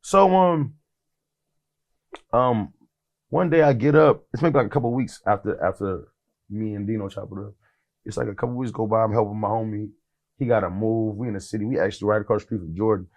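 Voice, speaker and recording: A man's voice: on the low side, a little fast, pauses often, a little mellow. Laid-back man telling stories. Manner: laid-back, rambling with many fillers and acted-out quotes. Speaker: rap artist guest. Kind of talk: casual storytelling interview.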